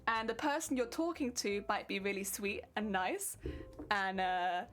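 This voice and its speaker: A woman's voice: medium pitch, unhurried, a bit bright, faint music behind. A young woman from Wales chatting casually on a livestream while ironing fabric, reading chat aloud and laughing often. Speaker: craft streamer.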